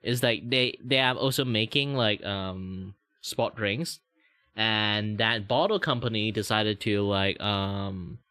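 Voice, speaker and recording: Bright, laughing Malaysian streamer man. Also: on the low side, smooth, no echo, studio quality. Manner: laughing, swearing, halting restarts. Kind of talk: casual reaction stream chat.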